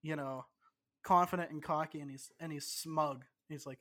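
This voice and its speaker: A man's voice: a little high, steady tone, moderate pace, a bit bright. A man co-hosting a podcast, a bit tipsy, rambling and swearing with lots of stumbling restarts. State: tipsy from drinking. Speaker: podcast co-host. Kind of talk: casual podcast banter.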